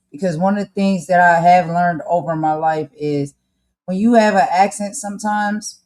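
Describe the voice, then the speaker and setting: A woman's voice: fairly low pitch, mellow. Emphatic woman podcast co-host, Jersey accent with a North Carolina touch, talks with fire and rhetorical "okay?"s. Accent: New Jersey with a touch of North Carolina. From New Jersey. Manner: emphatic, fired-up, uses "y'all" and "okay?". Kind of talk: candid casual commentary.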